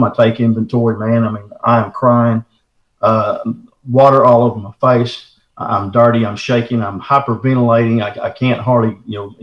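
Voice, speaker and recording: A man's voice: on the low side, lo-fi sound. Folksy man, roomy echo. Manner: folksy, says "man" often, animated retelling. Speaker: guest telling his encounter. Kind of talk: casual first-person storytelling.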